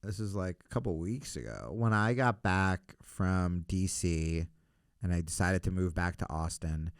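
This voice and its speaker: A man's voice: deep voice, a little slow, smooth, no echo, clean studio sound. A man who is a comedian guest on a podcast, telling stories in casual chat, swearing often and laughing through his stories. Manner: animated storyteller who swears a lot. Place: podcast studio.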